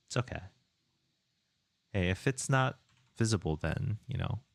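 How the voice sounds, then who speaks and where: Low, slow-talking game dev streamer man. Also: vocal fry, dry recording. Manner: relaxed, muttering to himself, reading chat aloud. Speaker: indie game developer streaming. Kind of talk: casual live-stream chat while working.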